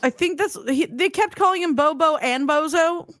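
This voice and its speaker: A woman's voice: high voice, normal speed, a bit bright, no room sound, clean studio sound. A woman hosting a podcast, joking crudely and giggling in casual chat. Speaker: host.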